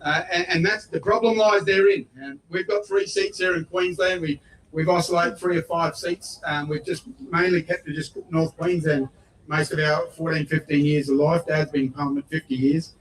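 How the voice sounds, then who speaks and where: A high-pitched Australian man speaks bluntly and folksily at a rally, driving his points up into shouts. He is middle-aged and talks in a loose, plain way. His voice is caught from a distance. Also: level tone, normal speed. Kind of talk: outdoor rally speech. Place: outdoor rally. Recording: voice picked up from far off.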